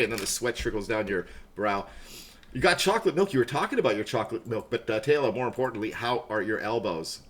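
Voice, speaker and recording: A man's voice: mid-range voice, expressive, fast, fairly bright tone. A middle-aged man chatting casually on a live stream, self-mocking and laughing often.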